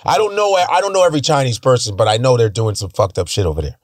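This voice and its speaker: A man's voice: medium pitch, animated, fast, no echo. A man in a loose, profane conversation who drops into put-on voices and accents mid-story. His voice sits mid-range and is recorded close and dry, with no room around it. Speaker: stand-up comedian guest. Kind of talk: casual chat.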